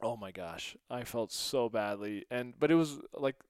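A middle-aged man hosting a podcast, telling funny stories in a casual monologue and acting out quotes in a higher voice, laughing often. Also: moderate pace, clear, resonant tone, no echo, studio quality. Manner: animated, acts out quotes with raised pitch, laughs often. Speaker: podcast host.

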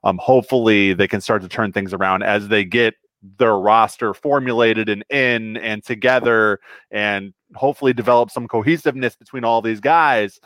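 A man co-hosting a podcast, talking soccer in a hesitant, halting way. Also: on the low side, fairly bright tone, dry recording. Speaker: podcast co-host. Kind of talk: casual soccer chat.

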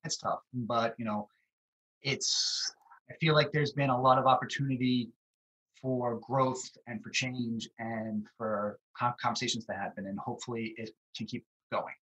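A man co-hosting a podcast, speaking earnestly and a little softly. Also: medium pitch, steady tone, normal speed, breathy edge, rough recording. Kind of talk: casual podcast chat.

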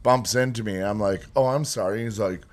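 A man's voice: on the low side, a little fast. A man co-hosting a podcast, casually telling a rambling story with lots of swearing and laughter. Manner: storytelling, swearing, laughing through his anecdotes. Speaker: podcast co-host. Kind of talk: casual chat.

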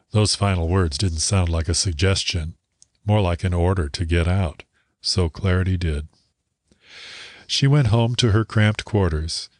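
With a very low voice, a man narrates a short story in a calm, measured audiobook style. The recording is dry and close, without any room sound.

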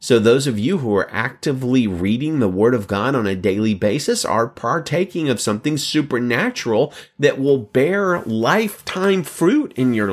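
A man preaching a sermon, retelling a story with emphatic, animated delivery. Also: mid-range voice, slightly rough. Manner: storytelling, quoting another preacher. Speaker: pastor.

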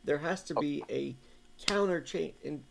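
Male co-host, heavy vocal fry, earnest opinion talk. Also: on the high side, a little slow, background noise. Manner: earnest, opinionated, building an argument. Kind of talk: casual political talk show chat.

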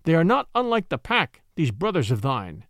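Rich: A calm old grey wolf, as a male narrator puts him on, speaking in a composed, measured way with a lilting, lively pitch. The voice sounds close and dry, with no room around it. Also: dry recording, exaggerated voice.

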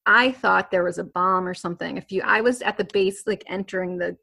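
Creaky-voiced woman telling a personal story. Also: mid-range voice, fairly quick, pushed and bright. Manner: rambling, full of fillers and restarts, laughs nervously. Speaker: interview guest.

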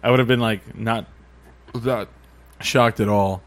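A man's voice: lowish voice, steady tone, unhurried. A man hosting a casual interview, loose and informal, swearing freely and laughing easily. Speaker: podcast host.

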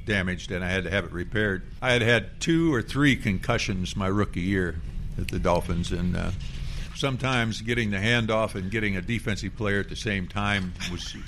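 An older man, a former football player, telling animated anecdotes in a panel interview and laughing through his lines. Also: fairly low pitch, moderate pace, slight background noise. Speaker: former fullback, guest.

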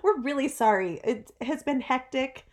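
Brief: woman co-host, quick to laugh and agree, high and bouncy voice. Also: expressive, darkish tone. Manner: laughs often, agreeable, chimes in. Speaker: podcast co-host. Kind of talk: casual chat.

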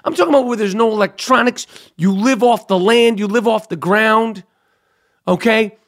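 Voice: mid-range voice, moderate pace. An angry podcast host speaks into a studio mic in a mid-range voice. The delivery is a profane rant, full of stammers and restarts. Phrases get repeated for emphasis. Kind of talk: angry monologue commentary.

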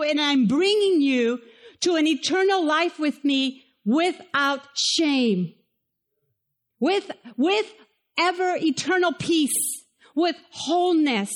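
A woman pastor preaching a sermon in a chapel, emphatic and preacherly, with quick asides to the congregation. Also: sits high. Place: church chapel.

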